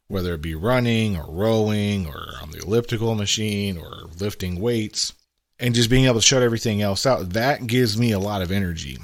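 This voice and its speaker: A man's voice: on the low side, no room sound. A middle-aged man hosting a podcast, talking in a casual, reflective monologue with frequent "right?" asides. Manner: conversational, frequent "right?" asides, acts out quotes. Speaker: podcast host.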